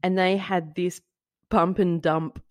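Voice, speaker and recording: A woman co-hosting a podcast, chatting about a true-crime story in an animated, joking way, often laughing and sometimes swearing. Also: on the low side, takes it slowly, dry recording, clean studio sound. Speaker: podcast co-host. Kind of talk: casual true-crime chat.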